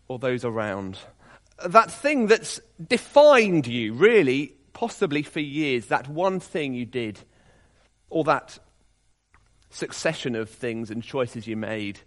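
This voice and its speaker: Man preaching, animated voice, slightly high, quiet intimate asides. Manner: lively preaching, softening to quiet, intimate appeals. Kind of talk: sermon.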